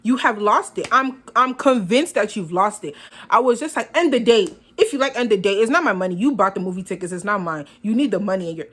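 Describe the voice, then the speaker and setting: A woman's voice: mid-range voice, lively intonation, fast talker, fairly bright tone. A young woman vlogger telling a storytime in a sassy, dramatic way, acting out both sides of the conversation.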